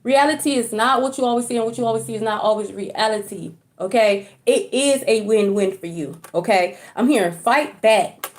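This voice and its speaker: A woman's voice: a little high, normal speed. A woman giving a casual livestream spiritual reading, chatty and colloquial, often checking in with "okay?" and cursing casually. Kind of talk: casual livestream talk to viewers. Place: at home, indoors.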